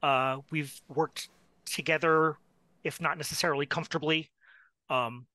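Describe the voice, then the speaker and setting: A man playing a tabletop role-playing game, describing his character's actions in a relaxed, storytelling way. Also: a little high, measured pace, dry recording. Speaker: player.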